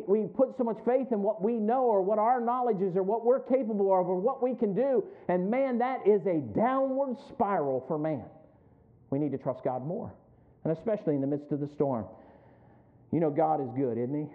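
A male pastor preaching a sermon, with emphatic, rising calls and frequent questions to the congregation. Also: high-pitched. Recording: tinny phone-like sound.

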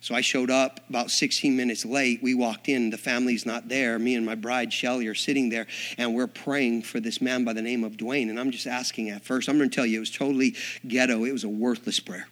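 A man preaching, a minister telling a story with acted-out dialogue and big swings from hushed asides to shouting. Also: mid-range voice, level tone, brisk, few pauses. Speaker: Assembly of God minister. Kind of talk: storytelling sermon.

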